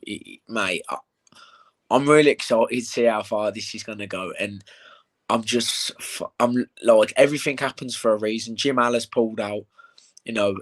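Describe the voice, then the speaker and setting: A young man in a casual interview, telling animated stories with plenty of swearing and "mate.". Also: fairly low pitch. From England. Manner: animated storytelling, swears, says "mate" a lot. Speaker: bare-knuckle fighter, interview guest.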